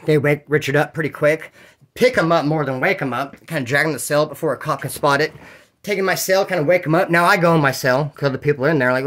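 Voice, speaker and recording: A man telling prison stories in a casual, animated way, swearing often and acting out other people's voices. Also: a little high, quick pace. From California. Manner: animated, profane, acts out quoted voices. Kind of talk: casual storytelling.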